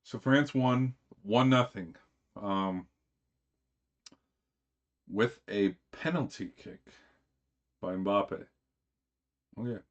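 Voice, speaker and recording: Low-voiced man chatting on a stream. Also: very slow, pauses often, dull audio. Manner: rambling, chatty, with many fillers and restarts. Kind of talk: casual live-stream chat.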